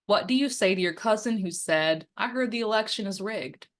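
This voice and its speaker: A woman's voice: medium pitch, normal speed. A young woman campaigner giving a quiz-style lesson, posing questions and explaining answers with frequent ums. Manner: poses multiple-choice questions and explains answers, friendly coaching tone. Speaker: media and democracy campaigner. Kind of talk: instructional quiz-style presentation.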